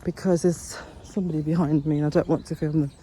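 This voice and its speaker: A woman's voice: sits low, fairly even intonation, fast talker, mellow, a little hiss or hum. A woman talking earnestly and encouragingly in a casual walk-and-talk vlog outdoors, rambling a little as she goes. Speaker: vlogger. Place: outdoors on a walk along a path.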